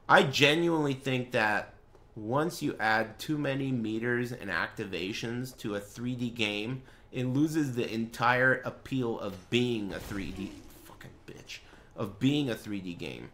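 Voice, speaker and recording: A young man live-streaming a game, chatting to viewers and swearing as he mock-rants and bursts into yelling at them. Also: medium pitch. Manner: profane, mock-ranting at chat, erupts into yelling. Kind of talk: live gaming stream commentary.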